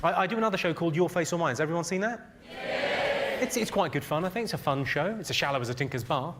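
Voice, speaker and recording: A man's voice: a little high, fast. A middle-aged man doing stand-up comedy, dry and crude as he teases the audience. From England. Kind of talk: stand-up comedy with crowd work. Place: comedy venue on stage. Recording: live show with loud crowd noise.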